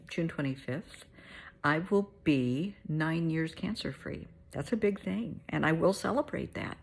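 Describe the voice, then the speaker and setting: A middle-aged woman hosting a heartfelt pep talk, soothing and motherly, sometimes dropping to a soft whisper. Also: deep voice, gravelly, slightly rough. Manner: soothing, motherly, calls listener honey; drops to soft whispers at times. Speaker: host.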